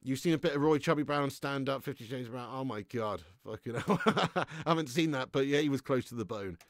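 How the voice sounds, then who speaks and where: Sweary gaming streamer, chatty. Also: male voice, medium pitch, a little fast, dry recording, studio quality. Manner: swearing, laughing, rambling banter with chat. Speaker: streamer reading chat. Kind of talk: casual live-stream chat.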